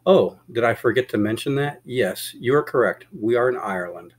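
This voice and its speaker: A man voicing a calm, reassuring husband in an audiobook, gentle and warm in tone. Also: medium pitch, brisk, slightly rough.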